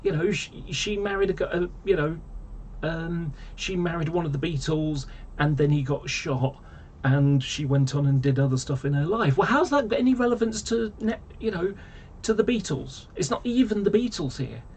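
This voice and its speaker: A man talks straight to camera in a loose, rambling rant, sounding exasperated and stumbling over fillers and half-started words. His voice sits a little higher than most men's. A faint hum of room ambience is under him. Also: moderate pace, darkish tone. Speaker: vlogger.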